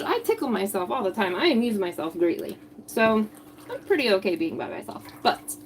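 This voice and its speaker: A woman's voice: mid-range voice, a little hiss or hum. A woman hosting a crafting channel, chatting casually and a bit out of breath, rambling with lots of ums. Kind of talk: casual live chat while crafting.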